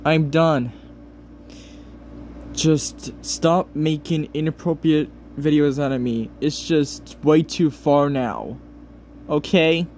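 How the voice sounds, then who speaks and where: Slow-talking upset man near tears. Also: a little high, a little mellow, slight background noise. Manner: pleading, swearing, halting restarts. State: close to tears. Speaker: channel owner. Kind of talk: upset vlog rant.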